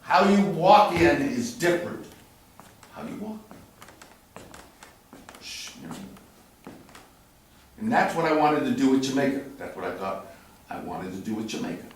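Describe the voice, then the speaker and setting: A man directing an actor in rehearsal, blunt and swearing, dropping low then pushing hard, recorded from across an echoey studio theatre. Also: expressive, a little slow, long pauses, a little hiss or hum. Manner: blunt, swearing, swings from quiet to loud pushing. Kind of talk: rehearsal coaching. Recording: echoey room from far off.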